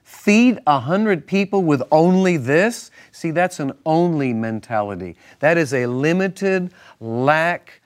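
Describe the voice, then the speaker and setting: A man's voice: a little high, expressive, slow pace, few pauses. A male minister teaching from the Bible on a Christian talk show, emphatic and repetitive in a preacherly way.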